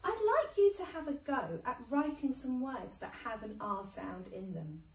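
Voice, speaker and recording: A woman teaching a phonics lesson to young children, sounding out words slowly and praising them. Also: on the high side, sing-song, reverberant, far from the mic, a little hiss or hum, rough recording. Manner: sing-song, slow and encouraging, sounding out words. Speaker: infant school teacher.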